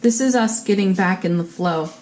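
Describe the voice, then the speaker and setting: A woman's voice: mid-range voice, normal speed, a little mellow. A woman giving a monthly tarot reading to her viewers in an upbeat, encouraging way, full of spiritual phrasing. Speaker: tarot reader.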